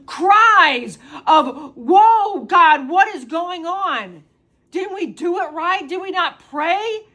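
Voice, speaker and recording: Speaking as God in the first person, a woman gives a prophetic proclamation full of emphatic, stretched-out declarations and repeated rhetorical questions. Her voice is high, bright and forceful.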